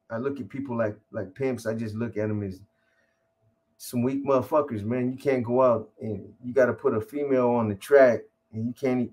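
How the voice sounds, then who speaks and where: A man in a casual interview, telling a long story in rambling, profane street talk with many restarts. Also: medium pitch. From California.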